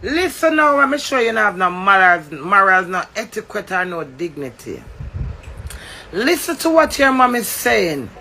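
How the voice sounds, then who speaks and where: A man's voice: high-pitched, big pitch swings, moderate pace, vocal fry, bright, forceful tone, a little hiss or hum. A man with a Jamaican accent delivering a heated, confrontational rant, swearing and lecturing.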